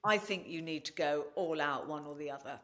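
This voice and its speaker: A woman speaking as a podcast guest, with a voice sitting a little low for a woman. She tells her story with blunt, animated candor and swears without hesitation. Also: fairly quick. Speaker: podcast guest and wellness practitioner. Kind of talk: candid interview storytelling.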